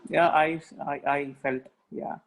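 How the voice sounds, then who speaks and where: A man's voice: a little high, steady tone, unhurried, gravelly, rough recording. A man joining a webinar on a video call, talking hesitantly with many fillers. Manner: hesitant, with fillers and short agreements. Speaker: webinar participant. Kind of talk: casual chat.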